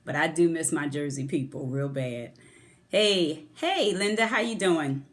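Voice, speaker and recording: A woman's voice: low-pitched, expressive, a little slow. A middle-aged woman and former therapist hosting a live-streamed motivational talk, effusively greeting viewers by name before her topic. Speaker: host of a motivational livestream. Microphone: phone camera.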